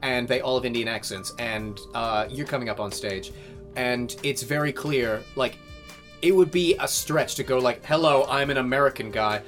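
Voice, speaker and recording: A young man co-hosting a casual podcast chat, animated and swearing freely. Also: medium pitch, moderate pace, soft background music. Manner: animated, swears freely, bursts of loud laughter. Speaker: podcast co-host. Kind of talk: casual chat among friends.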